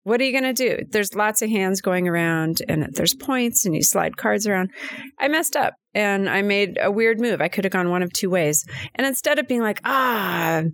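A woman's voice: mid-range voice, animated, moderate pace, no room sound, studio quality. A middle-aged woman co-hosting a casual chat, telling personal stories in a chatty, emotional way. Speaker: podcast co-host.

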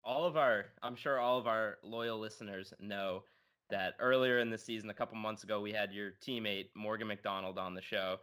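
A man's voice: on the low side, steady tone, normal speed, a bit bright, clean tone. A man hosting a podcast, asking questions in a jokey, eager way. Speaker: podcast host. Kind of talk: casual interview chat.

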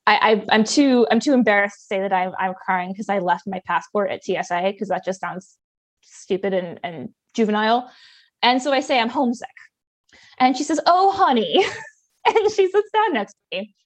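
A woman in her twenties telling a personal story in a lively, expressive, self-mocking way. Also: mid-range voice, normal speed.

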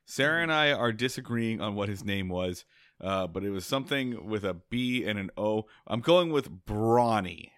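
A man's voice: fairly low pitch, expressive, moderate pace, fairly bright tone, no echo, studio quality. A man co-hosting a casual podcast, telling a rambling story with many restarts and laughs. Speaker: podcast co-host.

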